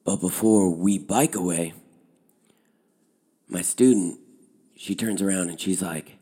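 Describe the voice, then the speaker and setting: This man, who leads an outdoor program at a high school, takes his time recounting something that happened to him. His voice has a breathy edge, and the telling is easygoing, dotted with fillers.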